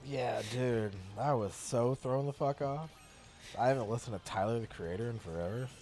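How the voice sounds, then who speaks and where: A man's voice: mid-range voice, moderate pace, a little mellow, soft background music. A young man in a casual, crude chat, swearing freely and laughing often as he tells stories.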